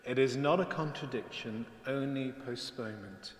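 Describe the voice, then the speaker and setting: A man reading a story aloud, voicing a gentle, calm male shepherd in a soft, low voice. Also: moderate pace, natural voice. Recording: echoey church hall.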